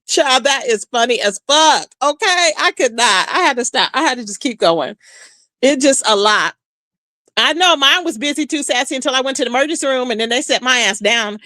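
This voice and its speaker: A woman's voice: high voice, moderate pace, no room sound. A woman hosting a live stream, chatting casually with viewers and reacting to comments with lots of "child". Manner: chatty, animated, says "child" often.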